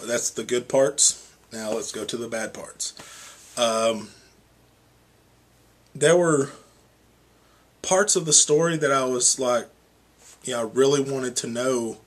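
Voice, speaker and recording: A man's voice: mid-range voice, slow, long pauses, husky. A young man giving a casual, rambling movie review, full of "you know" and "um". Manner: rambling, filler-heavy, with many "you know" and "um".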